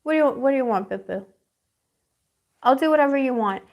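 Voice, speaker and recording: A woman's voice: sits high, expressive, fairly quick, muffled recording. A woman giving a live tarot reading, rambling and affectionate, calling her viewers pet names and searching dreamily for her words. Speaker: tarot reader.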